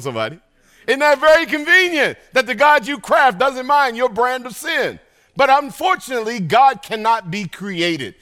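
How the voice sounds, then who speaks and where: A middle-aged man preaching a sermon to a congregation, animated and energetic, calling out to the crowd between points. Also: sits high. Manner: animated preaching with call-and-response asides. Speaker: pastor.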